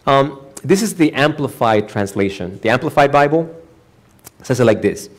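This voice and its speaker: Male pastor preaching in a church, animated, keeps acting out little quotes, mid-pitched voice. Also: moderate pace. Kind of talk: sermon.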